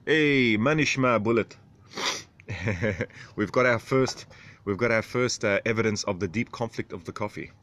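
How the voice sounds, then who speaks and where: A man in his thirties hosting a casual livestream, reading out viewer comments with frequent chuckles and throat clearing. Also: fairly low pitch, normal speed, fairly bright tone. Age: 30s. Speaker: livestream host.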